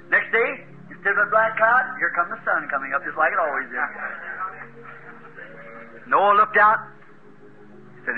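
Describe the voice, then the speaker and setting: A man's voice: very high voice, fast talker. A man preacher telling a story in a folksy sermon, chuckling and acting out the characters as he goes. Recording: tinny phone-like old tape with hiss.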